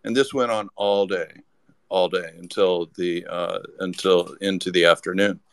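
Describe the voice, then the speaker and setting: A man's voice: sits low, fairly even intonation, moderate pace, vocal fry, clean tone, no echo. A man telling a rambling anecdote as a podcast guest, with lots of restarts. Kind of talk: casual storytelling.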